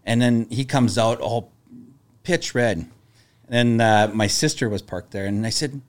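A man, a business owner, talking in a casual podcast chat and telling stories in a calm, level-headed way. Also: mid-range voice, measured pace.

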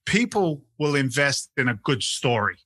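A man's voice: medium pitch, sing-song, moderate pace, fairly bright tone, dry recording. A middle-aged man from England with a London accent mixed with American, talking animatedly as a guest in a casual interview and often repeating words as he restarts his sentences. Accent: London English mixed with American. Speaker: real estate investment CEO, guest.

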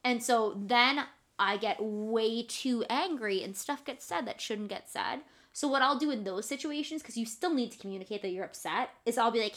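A woman's voice: on the high side, normal speed, fairly bright tone. A young woman, the host's best friend and guest, talking frankly and casually, swearing and laughing easily. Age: young adult. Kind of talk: casual chat between friends.

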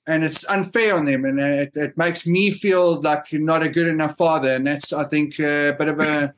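A man's voice: a little high, fairly even intonation, moderate pace, fairly bright tone. A middle-aged man in casual podcast chat, rambling with many fillers and restarts. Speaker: podcast co-host.

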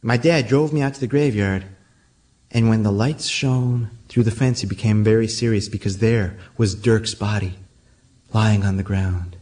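Guy telling a spooky story out loud, dramatic, builds suspense. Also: on the low side, steady tone, normal speed. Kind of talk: oral storytelling performance.

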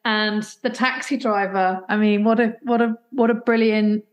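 A woman's voice: mid-range voice, steady tone, moderate pace, muffled recording. A woman hosting a podcast interview, encouraging and effusive in her responses. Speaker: podcast host. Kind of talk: conversational interview.

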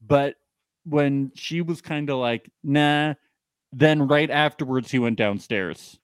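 A man's voice: medium pitch, unhurried, clear, resonant tone, no room sound, studio quality. A young man co-hosting a podcast, recapping a reality show with sarcastic jokes and lots of "uh"s. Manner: joking, sarcastic, many fillers. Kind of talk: casual chat.

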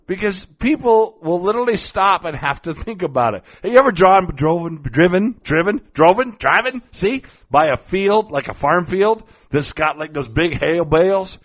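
Playful middle-aged man, lively jokey pitch. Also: moderate pace, few pauses. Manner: playful, jokey, laughs often. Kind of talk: casual monologue. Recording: dull lo-fi recording.

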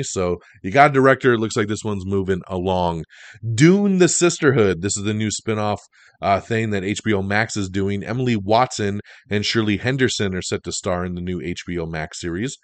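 A lower-pitched man hosts a casual news rundown, talking in a loose, opinionated way with plenty of ums and uhs. The recording is dry and close. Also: dry recording. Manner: chatty, opinionated, fillers. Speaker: host of an entertainment news show.

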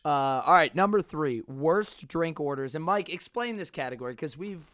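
A man's voice: on the high side, lively intonation, fairly bright tone, dry recording. Teasing man co-hosting a podcast, dry sound. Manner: teasing, quick to laugh, blunt. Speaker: podcast co-host. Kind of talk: casual podcast chat.

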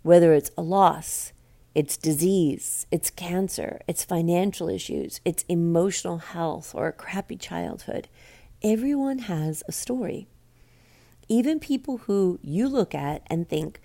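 A woman's voice: fairly low pitch, expressive, a little slow, vocal fry, warm tone. A middle-aged woman hosting a reflective solo talk, speaking earnestly and conversationally and asking her listeners questions. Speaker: podcast host speaking to cancer survivors.

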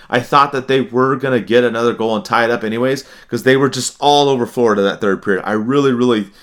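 A man's voice: lowish voice, fairly bright tone. A man co-hosting a sports podcast, ranting with emphatic, profane outbursts. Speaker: podcast co-host. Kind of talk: heated sports talk.

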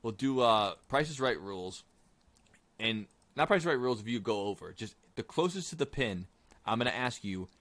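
Man as a joking quizmaster, bright and tense tone, dry close sound. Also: medium pitch, animated, no echo. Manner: jokey, teasing, drawn-out reading of answers. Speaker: podcast host running a trivia quiz. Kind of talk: casual quiz banter.

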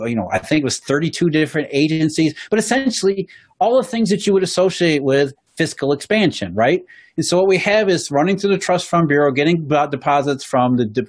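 A man talking as a guest on a podcast, explaining economic history at length, often restarting and repeating words as he goes. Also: a little high. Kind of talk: podcast conversation.

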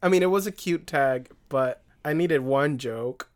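Low-voiced woman chiming in. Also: measured pace, a little mellow. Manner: chimes in with short remarks and laughs. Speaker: podcast co-host. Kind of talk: casual chat.

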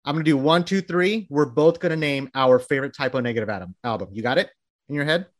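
A man's voice: medium pitch, fast talker. A man hosting a casual interview, talking in a rambling, enthusiastic way with many restarts. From Texas. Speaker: interviewer and publication founder.

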